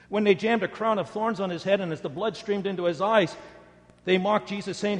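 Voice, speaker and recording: A male pastor preaching a sermon, telling stories dramatically and dropping to a soft voice for prayer. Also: high voice, brisk, in a large hall. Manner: dramatic storytelling, rising loud for quoted taunts, dropping soft for prayer.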